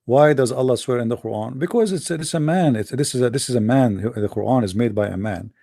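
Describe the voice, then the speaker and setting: A man's voice: mid-range voice, a little fast, creaky, dark tone, no echo, studio quality. A man hosting a livestream who talks to his audience in a sarcastic, mocking way. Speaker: host.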